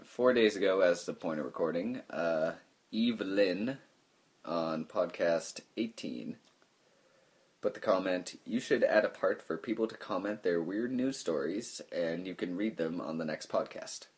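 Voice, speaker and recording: A man's voice: sits low, unhurried. A young man co-hosting a podcast, chatting casually and teasing his friend in a laid-back way, recorded on a phone lying on a table. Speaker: podcast co-host. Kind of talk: casual chat.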